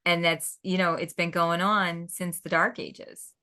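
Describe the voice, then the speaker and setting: Woman guest, low voice, bright tone, forthright, repeats herself. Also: little pitch movement, a little slow. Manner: forthright, repeats words as she talks. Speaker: guest, magic practitioner. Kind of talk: casual interview chat.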